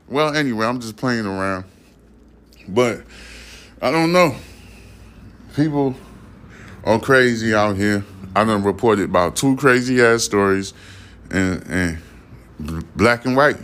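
A man's voice: fairly low pitch, lively intonation, slow, long pauses, a bit bright. A man hosting a podcast, reading news stories and riffing on them in a loose, profane, rambling way. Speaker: podcast host. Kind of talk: casual news commentary podcast.

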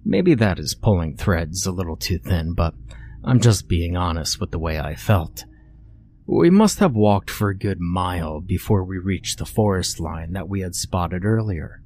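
A man narrating a scary story in a deadpan, mock-serious way. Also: deep voice, measured pace, a little hiss or hum. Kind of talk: scripted horror story narration.

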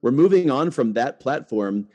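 A man's voice: mid-range voice, expressive, normal speed, dark tone, highs cut off. A middle-aged man hosting a podcast, talking casually with lots of "like" and restarts. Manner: chatty, full of "like" and restarts. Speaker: podcast host.

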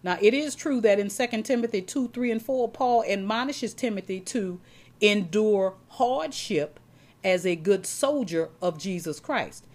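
A woman's voice: medium pitch, measured pace, a little mellow. A woman preaching a sermon, repeating words as she talks and checking in with her congregation.

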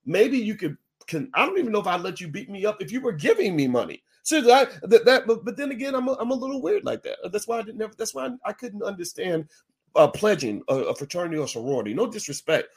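Blunt man talking to a crowd, kinda high voice, goes from mumbling low to loud squeaky bursts. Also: quick pace, breathy edge. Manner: animated, swings from low muttering to loud high exclamations; frank and blunt, with profanity. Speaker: speaker. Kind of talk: talk to an audience.

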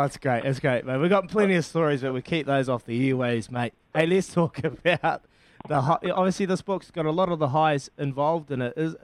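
A man's voice: on the high side, dry recording. A New Zealand man hosting an interview, full of jokey, laughing, matey banter. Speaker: podcast host, former rugby player. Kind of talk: casual interview chat.

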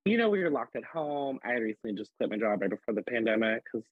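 A man with a husky, breathy voice tells stories in a loose, chatty way, leaning on "like" as he goes. The audio is dry and a little dull, like a modest home podcast setup. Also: mid-range voice, fast, dry recording. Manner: animated, filler-heavy storytelling with many "like"s. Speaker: podcast guest, drag performer. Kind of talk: casual storytelling chat.

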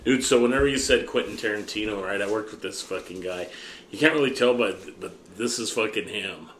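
A man co-hosting a comedy podcast, swearing often in casual banter and reacting with loud disbelief. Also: on the low side, fairly quick, slight background noise. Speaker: podcast co-host. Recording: echoey room.

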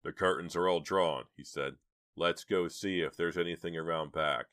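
A man's voice: low voice, fairly even intonation, normal speed, a bit bright. A man voicing a brave teenage boy in an audiobook, speaking with urgent, firm, raised lines. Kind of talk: audiobook reading.

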